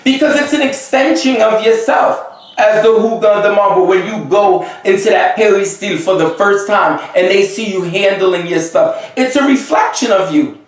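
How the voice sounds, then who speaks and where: A man's voice: high voice, moderate pace, distant mic. A man who is a Vodou priest, giving advice in an emphatic, exasperated manner and often checking that the listener follows. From Haiti. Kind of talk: unscripted advice monologue. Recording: very echoey room, voice away from the mic.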